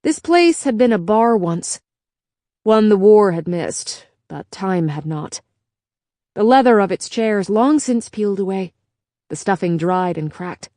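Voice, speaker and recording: A woman reading a novel aloud as a measured first-person audiobook narrator. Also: medium pitch, lively intonation, warm tone, dry recording, clean studio sound. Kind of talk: scripted narration.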